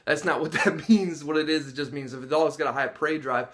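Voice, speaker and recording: A man's voice: on the high side, a little fast, a bit bright. A man working as a dog trainer, talking casually to the camera about training and testing dogs. He acts out dogs' and people's reactions with gasps and laughs. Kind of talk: casual instructional talk to camera.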